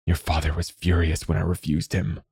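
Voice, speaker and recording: A man's voice: flat delivery, normal speed, creaky, dark tone, breathy edge, dry recording, studio quality, full character voice. A man doing a weary old swordsman. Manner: low, murmuring and weary. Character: weary old male swordsman, gruff and kind.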